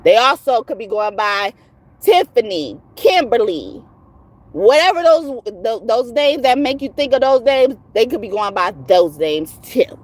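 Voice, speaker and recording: A woman tarot reader, speaking straight to her viewers. She rants in a heated, profane, emphatic way, and her pitch swoops widely between low mutters and sudden high shouts. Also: big pitch swings, measured pace. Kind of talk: heated casual rant to viewers.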